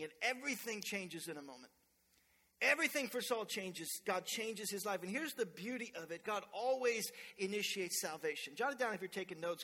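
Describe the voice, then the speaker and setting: A man in his thirties preaching a sermon in church, telling stories in an animated way and acting out quotes loudly. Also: high voice, a little fast, breathy edge. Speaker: pastor. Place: church sanctuary. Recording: long hall reverb.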